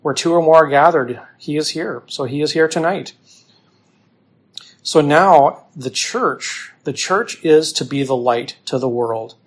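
A man, teaching as a pastor through a scripture passage in a relaxed sermon, repeating himself with fillers as he explains. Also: a little high, measured pace.

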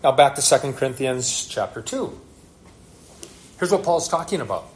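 A man's voice: mid-range voice, lively intonation, normal speed. A man preaching a sermon, reading scripture aloud and explaining it, often checking in with rhetorical questions. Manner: teaching, asks the listeners rhetorical questions. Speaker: pastor.

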